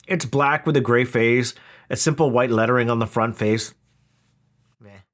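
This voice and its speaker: A man's voice: medium pitch, moderate pace, fairly bright tone. A man talking through a product review in a casual, wry, conversational way. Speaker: audio equipment reviewer.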